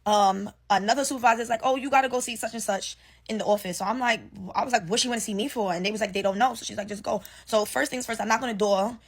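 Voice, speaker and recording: Fast-talking, profane young woman ranting. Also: fairly high pitch. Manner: animated, profane, slangy storytelling with acted-out quotes. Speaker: storyteller ranting about work. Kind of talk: casual storytime rant. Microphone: phone selfie video.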